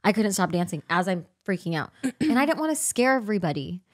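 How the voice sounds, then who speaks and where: Animated young woman telling a story. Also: medium pitch, fast talker. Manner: animated, acts out quotes with big swings in loudness. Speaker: podcast co-host. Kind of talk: casual storytelling chat.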